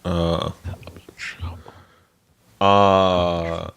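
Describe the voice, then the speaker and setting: A man's voice: low-pitched, little pitch movement, drawn-out words, vocal fry, fairly bright tone, smooth. A man co-hosting a music podcast, talking casually and rambling with many fillers and restarts. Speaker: podcast co-host. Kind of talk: casual chat about music.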